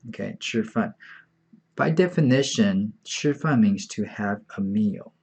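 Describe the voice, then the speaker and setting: A man's voice: lowish voice, expressive, gravelly, a little mellow, slightly rough. A man teaching an online beginner Chinese lesson, patient and repetitive, saying each word several times. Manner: slow, patient, repeats words often.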